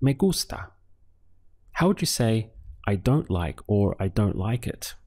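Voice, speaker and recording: A man with a fairly low voice leads a calm, unhurried lesson. He talks very slowly and breaks words into syllables. Each question is followed by a pause. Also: slightly rough. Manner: patient, asks questions then pauses for answers. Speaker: Spanish teacher. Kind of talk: slow step-by-step language lesson.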